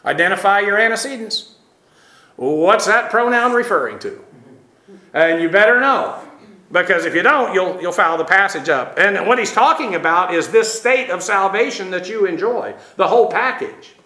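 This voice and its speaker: A man's voice: sits high, lively intonation, normal speed, pushed and bright, roomy sound, low-quality recording. A man preaching an expository sermon, teacherly and emphatic, with frequent filler sounds. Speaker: pastor.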